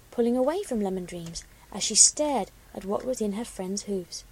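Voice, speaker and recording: A woman hosting a show and narrating a story aloud in an expressive, dramatic reading style. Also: medium pitch, normal speed, hardly any pauses, slightly rough, dry recording, low-quality recording. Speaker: story reader, show host.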